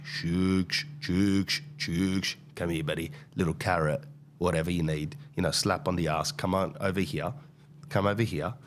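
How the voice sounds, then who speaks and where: A man hosting a podcast, telling a comic story in a blunt, crude, animated way. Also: lowish voice. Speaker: podcast host. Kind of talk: comedic storytelling rant.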